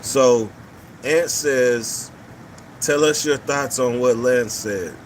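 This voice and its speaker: A man's voice: mid-range voice, extremely slow, slight background noise, poor audio. Blunt, profane man hosting a live chat. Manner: blunt, profane, repeats his points. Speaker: live show host reading viewer comments. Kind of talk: casual opinionated livestream talk.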